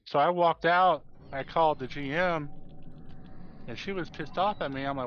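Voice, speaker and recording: A man's voice: on the high side, moderate pace, dull audio, a little hiss or hum. Man telling a long work story. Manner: storytelling, acts out quoted exchanges. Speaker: streamer. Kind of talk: casual chat while gaming.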